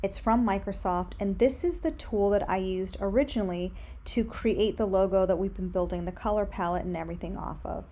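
A woman's voice: medium pitch, fairly quick, few pauses, warm tone. A young woman talking casually as she clicks through design tools in a tutorial, upbeat and full of recommendations. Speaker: candle brand owner. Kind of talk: screen-share tutorial.

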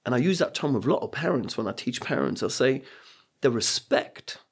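Middle aged british guy on a podcast, gravelly kinda husky voice, earnest, tells stories and repeats stuff for emphasis. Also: medium pitch, expressive, fairly quick. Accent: British English. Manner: earnest, storytelling, emphatic repetitions. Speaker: podcast guest. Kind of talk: reflective podcast conversation.

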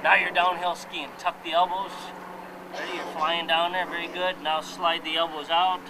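A softball coach runs a fielding clinic, talking players through each move. His voice sits a little high for a man. Traffic and outdoor noise come through clearly behind him. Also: level tone, moderate pace. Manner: coaching players with hands-on instruction. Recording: noisy outdoor camera audio.

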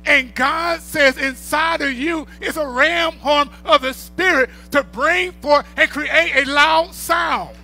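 High, bright-voiced preaching man. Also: slow, hardly any pauses, faint music behind. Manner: preaching with rising bursts of volume and storytelling. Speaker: pastor. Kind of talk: sermon.

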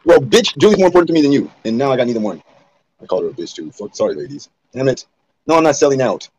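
A man's voice: mid-range voice, sing-song, rapid-fire, a little mellow, low-quality recording. A man hosting a livestream, arguing with a guest in a bickering, profane, exasperated way. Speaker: livestream host. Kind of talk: heated casual livestream banter.

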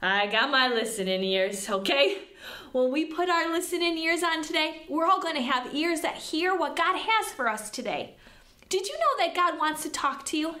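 A woman leading a preschool church service, talking in an exaggerated, sing-song, excited way to small children. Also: high voice, normal speed, a little hiss or hum. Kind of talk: lively preschool church host. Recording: echoey room.

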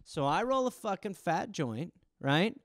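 A man's voice: high-pitched, measured pace, dry recording, studio quality. A man in his thirties hosting a podcast, telling stories in a casual monologue with lots of swearing and acted-out quotes. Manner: profane, animated, acts out quoted voices. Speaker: podcast host.

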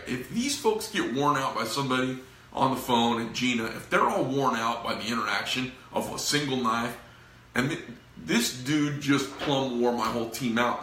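A man's voice: mid-range voice, pushed and bright, echoey room. A middle-aged man who runs a knife company, venting to camera in a rambling, profane, frustrated way.

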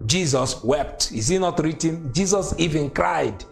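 A man's voice: fairly high pitch, expressive, measured pace, gravelly, soft background music. A man whose first language is not English preaches a sermon, repeating phrases with emphatic, consoling delivery.

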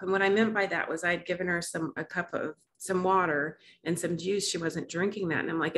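A woman's voice: lowish voice, fairly even intonation, fairly quick, few pauses, fairly bright tone. A woman hosting a wellness vlog, telling a personal story in a rambling, emotional way with frequent laughs and restarts. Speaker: wellness challenge host.

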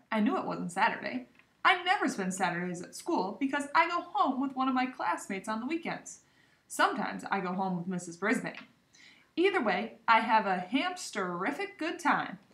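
A woman reading a children's chapter book aloud with lively, expressive storytelling. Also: on the high side, reverberant. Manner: lively expressive storytelling, voicing the hamster narrator. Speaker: reader.

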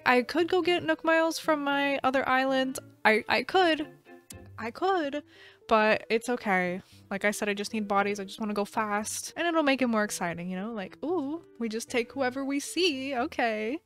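With a slightly high, fairly bright voice, this twenty-something gaming channel host gives loose, casual commentary on her play. Giggling as she rambles, she scolds the characters in a playful way, recorded on a desk microphone.

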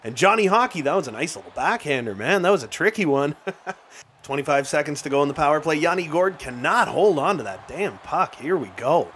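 Excitable man calling his hockey game. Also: on the high side, a little fast, a little hiss or hum. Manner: play-by-play calling with bursts of excitement and laughs; casual, slangy, talks straight to viewers. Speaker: gaming YouTuber. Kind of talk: excited gameplay commentary.

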